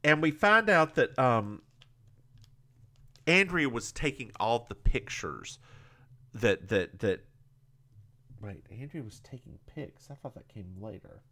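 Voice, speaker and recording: Bright, lively man recapping a show. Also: mid-range voice, slow, pauses often, no room sound. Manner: animated, playful, stumbles and repeats himself. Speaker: podcast co-host. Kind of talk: casual chat recapping a TV episode.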